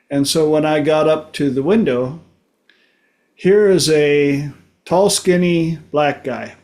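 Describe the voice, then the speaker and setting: A man from Minnesota tells casual stories at an unhurried pace, chuckling often. His voice sits a touch high for a man. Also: a little mellow. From Minnesota, USA. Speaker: podcast host. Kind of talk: casual storytelling.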